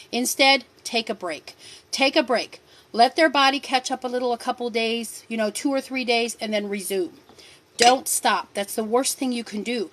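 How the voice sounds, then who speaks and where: A middle-aged woman hosting a casual live stream to sell supplements answers viewer questions firmly and directly, repeating her key points for emphasis. Her voice is a little high with a fairly bright tone.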